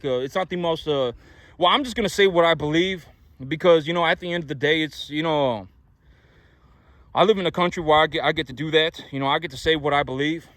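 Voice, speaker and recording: Man, slightly high voice, blunt to-camera rant, lots of "you know", dry close sound. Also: a bit bright, no room sound. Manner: rambling, many "you know" fillers and restarts. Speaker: video host.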